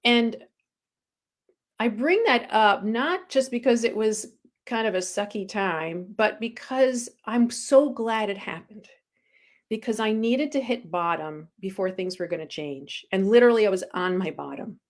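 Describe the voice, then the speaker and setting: A woman guest speaks candidly, a spiritual coach recounting her own past in an unpolished, conversational way. She pokes fun at herself and fills pauses with ums. Her pitch sits in a typical middle range. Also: lively intonation. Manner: frank and self-deprecating, with frequent ums. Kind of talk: candid personal storytelling.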